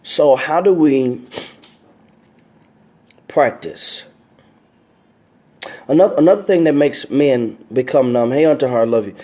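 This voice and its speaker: A man's voice: mid-range voice, measured pace, long pauses, warm tone. A man giving earnest life advice in a casual talk, often repeating himself and restarting sentences. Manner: greets viewers by name mid-talk.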